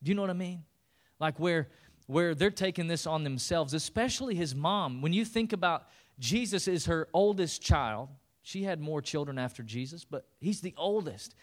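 A man's voice: a little high, lively intonation, normal speed. A man preaching a sermon in a conversational way, now and then rising to emphatic bursts. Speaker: pastor.

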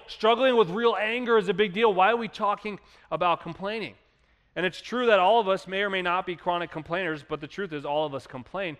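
A man preaching a sermon as pastor, animated, acting out quoted complainers in a raised voice. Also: sits high, in a large hall.

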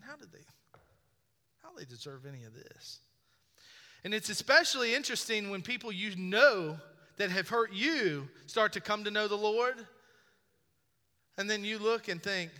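A man's voice: high-pitched, sharp tone. A man preaching a sermon as a pastor, conversational and joking, often putting questions to the congregation. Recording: long reverb of a large hall.

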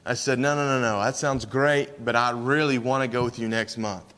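A man's voice: mid-range voice, steady tone, normal speed, a bit bright, in a large hall. Southern man telling stories in church. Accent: East Tennessee Southern. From East Tennessee. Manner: folksy storytelling with restarts. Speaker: missionary speaker. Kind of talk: church missions presentation. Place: church sanctuary.

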